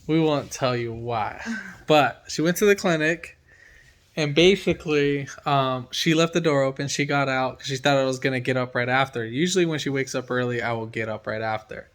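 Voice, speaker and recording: A man's voice: mid-range voice, normal speed, fairly bright tone. A man who works as a mechanic from home, telling a story in casual chat and acting out his own reactions with energy.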